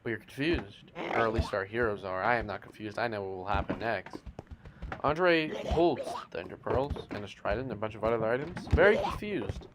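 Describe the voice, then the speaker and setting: A man's voice: on the low side, brisk. Man narrating with mock-epic flair. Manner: mock-epic, teasing asides. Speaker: narrator of a game series. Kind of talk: playful dramatic narration over gameplay. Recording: noisy home mic with clicks.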